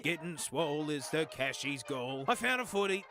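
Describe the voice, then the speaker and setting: Aussie bloke cracking dry jokes in a voice-over, bit higher voice, soft music under it. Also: male voice, expressive, moderate pace. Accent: Australian. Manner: wry, joking, sarcastic asides. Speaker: video host. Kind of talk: scripted comedic voice-over narration.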